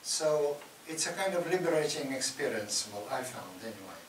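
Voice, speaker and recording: Animated man in a roomy hall. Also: medium pitch, moderate pace, far from the mic. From Russia. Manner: animated, laughs often, acts out Russian voices loudly. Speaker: guest speaker. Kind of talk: public talk answering audience questions. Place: university lecture hall. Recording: roomy hall recorded from afar with noise.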